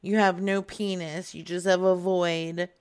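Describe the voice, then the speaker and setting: A woman's voice: lowish voice, flat delivery, measured pace, clean tone. A young adult woman making a prank phone call, brash and teasing, laughing often. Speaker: prank caller.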